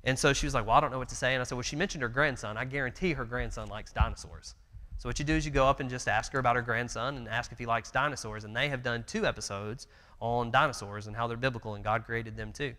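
A man's voice: mid-range voice, pushed and bright. A man in his thirties teaching a church Bible class, telling stories earnestly and conversationally with fillers. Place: church meeting room. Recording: long church hall reverb.

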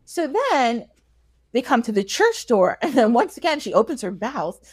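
A woman's voice: fairly high pitch, big pitch swings, moderate pace, darkish tone, slightly rough, no room sound, studio quality. A woman podcast host casually retelling a fairy tale, laughing often and acting out the characters. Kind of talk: casual storytelling chat.

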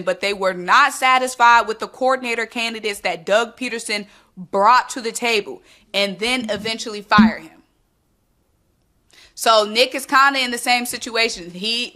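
A woman's voice: a little high, pushed and bright. A woman hosting a casual sports talk vlog, sassy and emphatic, repeating her points for effect. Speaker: sports commentary host.

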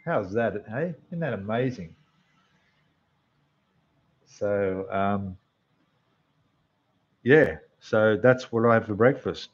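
A man with an Australian accent hosting a casual model-building livestream, chatting away to viewers in a slightly rough voice. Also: on the low side, muffled recording, a little hiss or hum. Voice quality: rough, losing its depth. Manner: chatty, rambling, talks to the chat while building. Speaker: scale model livestream host. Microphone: desk microphone, quieter when turned away.

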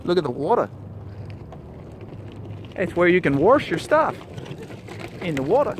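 A man with a high voice rattles off playful commentary on an outdoor trail, his pitch swinging all over. The recording is rough and outdoors, with loud wind and rumbling noise underneath. He sounds like he is filming himself on a handheld camera. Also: very animated, unhurried. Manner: playful, jokey running commentary. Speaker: vlogger. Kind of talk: casual outdoor chat while riding. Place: outdoors on a nature preserve trail.

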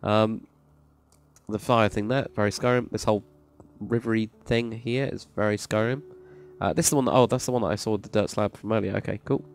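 With faint music behind him, a Minecraft server plot reviewer tours a game build, speaking briskly in a lowish voice with fairly even intonation. His commentary is casual, enthusiastic and rambling, and he praises freely.

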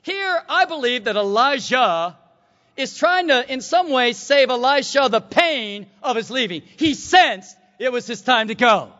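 A male preacher with a very high, bright, forceful voice, delivering a sermon as dramatic storytelling. He swings from shouts down to hushed tones. The recording sounds dull and lo-fi. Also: animated, unhurried.

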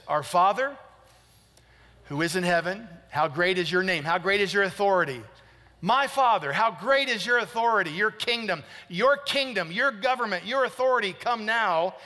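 A man's voice: a little high, bright, forceful tone. A middle-aged man preaching a sermon to a congregation, emphatic, repeating phrases and asking them questions. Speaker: pastor. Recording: long hall reverb.

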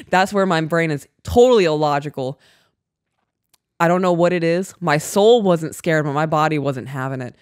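A woman co-hosting a podcast, telling a story in casual chat, animated, swearing and laughing often. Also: low-pitched, moderate pace, smooth, no echo, studio quality. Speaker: podcast co-host.

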